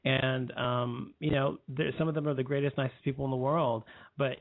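A man's voice: mid-range voice, level tone, normal speed, creaky, no echo. A man in his thirties giving a heated, rambling personal commentary, restarting his sentences often. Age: 30s. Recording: tinny phone-like line.

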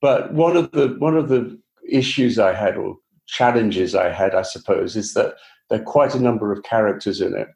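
A man's voice: on the low side, moderate pace, vocal fry, darkish tone. A man with a Received Pronunciation English accent, a guest author telling his story in a chatty, self-deprecating way during a casual interview. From England.

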